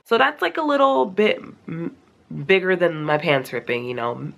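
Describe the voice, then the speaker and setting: A young woman telling a casual storytime, acting out her own reactions in a high, animated voice. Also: normal speed, vocal fry. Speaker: vlogger.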